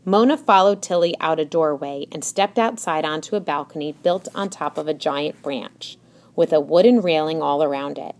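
A woman narrating a children's storybook in a gentle storytelling manner. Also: sits low, moderate pace. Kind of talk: scripted narration.

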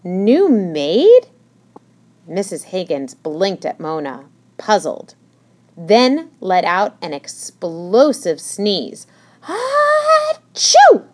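A woman narrating a children's storybook in a gentle storytelling manner. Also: lowish voice, lively intonation, slow pace. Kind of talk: scripted narration.

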